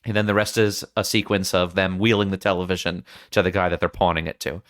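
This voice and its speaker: A man hosting a film podcast who retells scenes in an animated way and acts out the quotes. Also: sits low, quick pace. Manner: animated storytelling with acted-out quotes. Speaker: podcast host.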